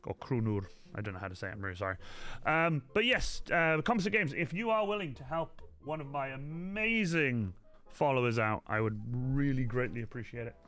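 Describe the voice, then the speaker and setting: A man's voice: mid-range voice, animated, a little fast, fairly bright tone. A young man hosting a casual crafting livestream, chatting to his viewers and apologizing often. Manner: chatty, apologetic, talks straight to chat. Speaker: livestream host.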